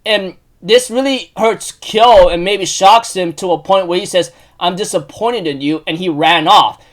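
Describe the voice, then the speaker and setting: Male anime recapper, high voice, casual and rambling, prone to emotional outbursts. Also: unhurried. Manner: rambling, emotional, many fillers and restarts; bursts into loud excited outbursts.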